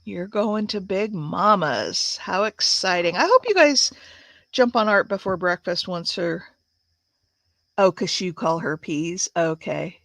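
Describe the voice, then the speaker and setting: A crafts channel host in her sixties speaks slowly with a fairly low, fairly bright voice, vocal fry, and lively intonation, recorded dry. Chatty on her live stream, she greets viewers by name, reads their comments aloud, and uses many fillers.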